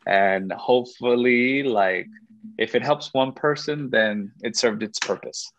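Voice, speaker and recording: A man's voice: medium pitch, a little slow, a bit bright, muffled recording, a little hiss or hum. A Mexican American man who works as a radio host, speaking as a guest in a friendly, affirming casual chat.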